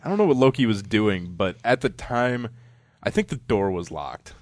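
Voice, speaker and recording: A man's voice: lowish voice, very animated, normal speed, no room sound, studio quality. A man co-hosting a podcast, telling rambling, laugh-filled stories in casual chat. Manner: laughing storyteller, rambling anecdotes. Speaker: podcast co-host.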